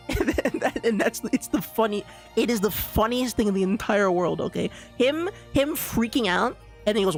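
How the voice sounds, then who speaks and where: A live streamer in casual chat, rambling and excitable, with lots of stammered restarts. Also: mid-range voice, moderate pace, faint music behind.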